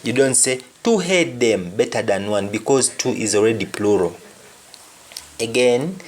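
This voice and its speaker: A man's voice: mid-range voice, animated, measured pace. A man teaching a language lesson, explaining carefully and repeating each example phrase twice before translating it.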